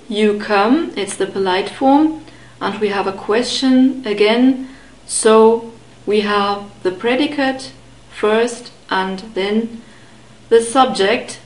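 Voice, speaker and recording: A woman teaches pronunciation at a very slow, unhurried pace, her voice a little on the high side. She enunciates each word carefully and repeats it for the listener. The sound is roomy, with a noticeable echo around her. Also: a little mellow. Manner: careful, deliberate enunciation with repeated model words. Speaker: language teacher.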